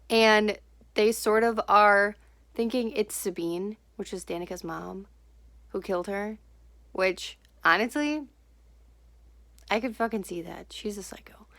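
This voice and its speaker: A woman in her twenties vlogs about books from home, sometimes in bed and sometimes in a messy room, chatting casually, swearing freely and now and then dropping to a whisper. Her voice is mid-range with a fairly bright tone.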